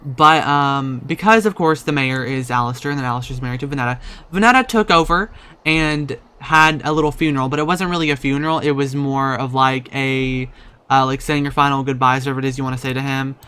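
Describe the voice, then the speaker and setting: A young man casually commenting on a life-simulation game, rambling, swearing often and breaking into loud startled outbursts. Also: medium pitch, a little fast, clear, resonant tone. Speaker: gaming YouTuber.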